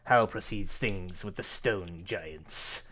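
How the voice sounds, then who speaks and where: A man voicing a cold, scornful male villain lord who gives orders in a low, hushed voice. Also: slow pace, heavily acted. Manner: cold, contemptuous, commanding.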